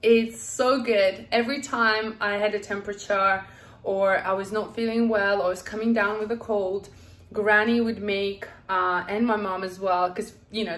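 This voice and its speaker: A young woman chatting casually in a home kitchen while showing a recipe, excitable and laughing often. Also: medium pitch. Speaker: cooking vlogger. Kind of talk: casual cooking demonstration.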